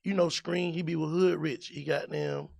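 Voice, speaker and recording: A man's voice: on the high side, fairly even intonation, brisk, gravelly, darkish tone. A man co-hosting a podcast, telling stories in casual, slangy, profane talk. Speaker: podcast co-host. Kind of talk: casual chat.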